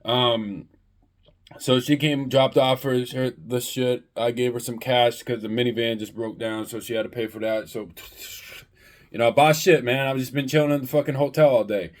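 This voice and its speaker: A man's voice: medium pitch, steady tone, moderate pace. A man who owns a landscaping business, ranting bluntly and profanely in a vlog, preaching to his viewers. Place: hotel room.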